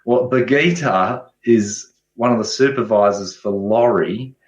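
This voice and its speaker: A man, a guest ecologist explaining his work in relaxed interview talk, often restarting phrases. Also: on the low side, measured pace, echoey room, muffled recording. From Australia.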